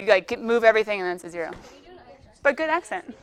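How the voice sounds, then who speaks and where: A woman's voice: medium pitch, animated, quick pace, clean tone. A woman teaching a classroom math lesson, playful and joking with her students as she works a problem.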